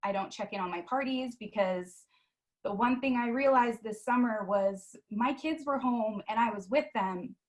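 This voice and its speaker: A woman's voice: on the high side, moderate pace, poor audio. A woman and mother telling her story on a video call, earnest and emotional, in a chatty conversational way. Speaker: sales team leader, guest.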